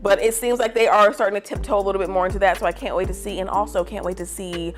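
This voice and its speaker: A woman's voice: mid-range voice, fairly even intonation, fast, music in the background. A young woman vlogging casual celebrity gossip to camera, slangy and dramatic with lots of fillers. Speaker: vlogger giving pop culture opinions.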